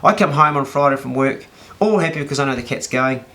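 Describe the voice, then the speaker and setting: A man's voice: medium pitch, fast talker, bright, forceful tone. A man in his fifties with a New Zealand accent, telling a casual anecdote in a blunt, exasperated way. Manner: blunt, exasperated, swears freely. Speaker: storyteller.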